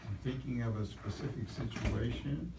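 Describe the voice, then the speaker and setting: A man's voice: mid-range voice, normal speed, very noisy. A man in the audience asks a question, musing and searching for his words. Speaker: audience member asking a question. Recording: distant voice in an echoey room.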